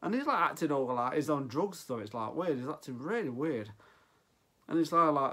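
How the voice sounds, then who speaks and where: A man's voice: on the high side, very animated, brisk, a bit bright. A man in his forties giving an off-the-cuff film review, rambling and often losing his thread mid-sentence. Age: 40s. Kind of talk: casual unscripted film review.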